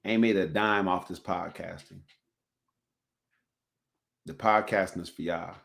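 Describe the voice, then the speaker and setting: A man hosting a relationship podcast in casual chat, emphatic and swinging from soft, emotional talk to loud hype calls. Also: low-pitched, fairly even intonation, measured pace, creaky. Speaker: podcast host.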